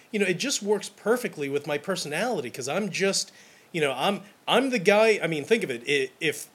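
A young man, a wedding photographer, talking casually and enthusiastically about his work, with frequent restarts. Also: a little high. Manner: energetic and enthusiastic, many restarts. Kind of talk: casual monologue to camera.

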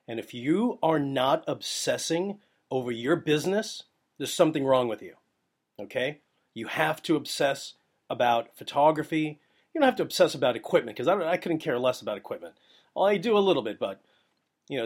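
A man hosting a podcast about photography, talking in a casual, animated, rambling way and slipping into quick voices of other people. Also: mid-range voice.

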